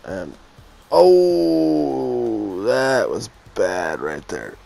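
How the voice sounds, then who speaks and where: A man in his thirties commentating his own football video game, swinging from muttered asides to loud, exasperated, swearing outbursts. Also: mid-range voice, big pitch swings, drawn-out words, creaky, faint music behind. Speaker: gaming YouTuber playing a football video game. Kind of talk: casual live gameplay commentary.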